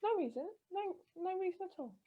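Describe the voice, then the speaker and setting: A woman's voice: very high voice, lively intonation, fast talker, narrow, tinny audio. A woman playing a paranoid cousin who argues insistently in a live improv comedy scene. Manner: insistent, argumentative. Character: paranoid, accusing cousin afraid of dinosaurs. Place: live stage show.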